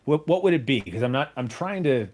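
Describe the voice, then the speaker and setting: A man's voice: medium pitch, lively intonation, fairly quick, darkish tone. A man playing a tabletop role-playing game, casual and thinking aloud. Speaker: player.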